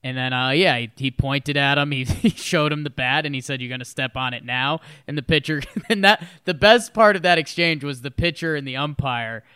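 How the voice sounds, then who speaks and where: Bright, smooth-voiced male co-host. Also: mid-range voice, fairly quick, hardly any pauses, dry recording, studio quality. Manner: enthusiastic, laughing while retelling. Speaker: podcast co-host. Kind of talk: casual sports chat.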